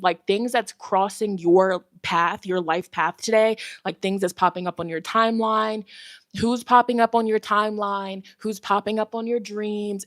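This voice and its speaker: A woman's voice: mid-range voice, no echo, clean studio sound. A young woman hosting a tarot live stream, chatting casually and animatedly with her viewers and laughing often.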